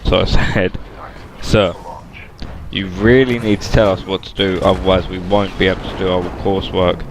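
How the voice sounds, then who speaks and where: A man, casually telling a story to his viewers in a flat, matter-of-fact way. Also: low-pitched, moderate pace, background noise. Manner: flat, matter-of-fact retelling with plain slang. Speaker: vlogger.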